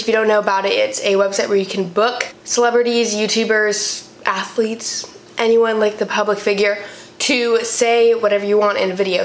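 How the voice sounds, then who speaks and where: A young woman in her twenties chatting casually to camera as a vlogger, with plenty of fillers. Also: medium pitch. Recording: echoey room with faint noise.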